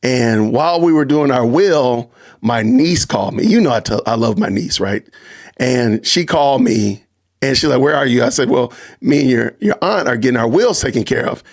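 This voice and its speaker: A middle-aged man, hosting a casual livestream podcast and talking straight to his live chat in an animated, joking way. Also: medium pitch, normal speed, gravelly. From Georgia, US. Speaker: podcast host.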